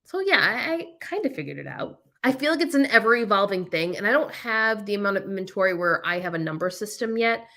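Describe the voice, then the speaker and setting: A woman's voice: mid-range voice, expressive, brisk, hardly any pauses, sharp tone. Chatty woman hosting a livestream. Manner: chatty, laughs often, frequent ums. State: coughing, eyes watering. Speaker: reseller livestream host. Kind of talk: casual live chat reading viewer comments.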